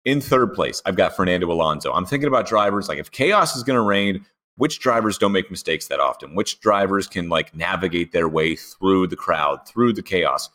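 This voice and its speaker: A man co-hosting a casual sports podcast, telling stories with animated energy. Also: low voice, normal speed. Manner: animated storyteller, puts on voices while retelling stories. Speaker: podcast co-host.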